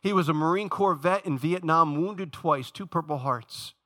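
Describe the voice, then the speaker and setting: Bright-voiced preaching man. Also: fairly high pitch, normal speed. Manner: preaching with dramatic rises and soft drops, questioning the congregation. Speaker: pastor. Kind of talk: sermon.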